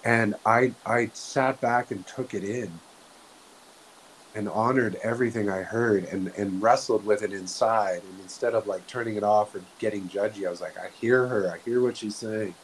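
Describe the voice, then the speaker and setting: A man talking slowly and earnestly in a reflective spiritual way, often restarting his sentences. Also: fairly low pitch, fairly even intonation, rough recording. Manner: slow, soft-spoken, earnest, with frequent restarts. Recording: faint hiss.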